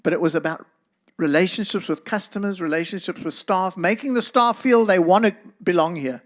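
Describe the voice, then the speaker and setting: Earnest high-voiced South African man. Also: fairly quick. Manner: earnest, preacherly, speaks to listeners by name. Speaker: guest speaker. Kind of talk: church talk to a congregation.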